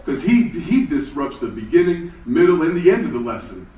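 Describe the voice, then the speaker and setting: A man playing an excited teenage classmate who is eager for the class clown's show. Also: a little high, normal speed. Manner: eager and giddy. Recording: roomy hall from far off.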